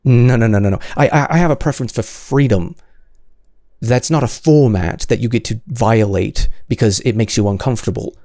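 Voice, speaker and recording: Hosting a solo commentary, a man responds to comments with exasperated sarcasm, stammering and restarting often. His mellow voice sits at a medium pitch and moves at a normal speed, recorded in studio quality with no room sound.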